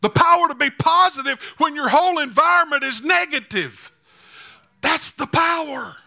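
A man's voice: extremely high pitch, expressive, normal speed, gravelly, sharp tone. A man preaching a sermon as pastor, building to emphatic, repetitive declarations. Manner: repetitive rhetorical phrasing.

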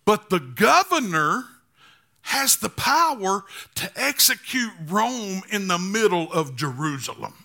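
A man's voice: high-pitched, very animated, slow pace, creaky, sharp tone. A man preaching a sermon as pastor, building to emphatic, repetitive declarations. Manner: repetitive rhetorical phrasing.

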